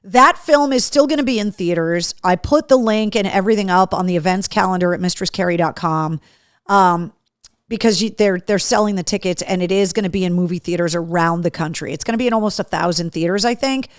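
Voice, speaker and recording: In a small home studio, a woman radio host runs a live webcast in a lowish, smooth voice, talking a little fast. She's chatty and blunt, swears freely, and reads viewer comments aloud while eating, mouth full. The sound is clean studio audio with no echo.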